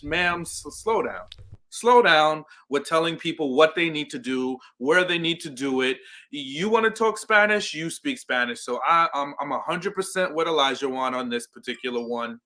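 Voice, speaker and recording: A man co-hosting a podcast, giving animated, opinionated takes and mimicking people as he talks. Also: fairly high pitch, moderate pace. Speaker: podcast co-host. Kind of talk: casual chat.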